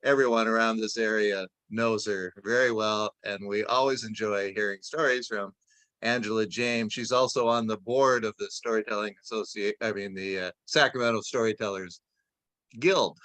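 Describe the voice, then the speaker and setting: A man's voice: lowish voice, fairly even intonation, moderate pace, fairly bright tone, no echo. A man hosting a storytelling event, introducing the next teller in a casual, slightly flustered way. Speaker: event host. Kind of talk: introducing a speaker.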